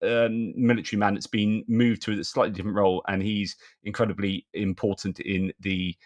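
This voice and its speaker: Chatty low-voiced man doing news commentary. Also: level tone, a little fast. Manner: chatty, rambling, many fillers and restarts. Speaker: host of a live news stream. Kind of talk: live-stream news commentary.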